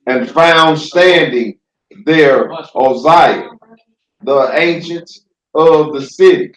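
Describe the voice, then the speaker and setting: A man reading scripture aloud slowly, stumbling over words. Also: a little high, reverberant, rough recording. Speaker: scripture reader.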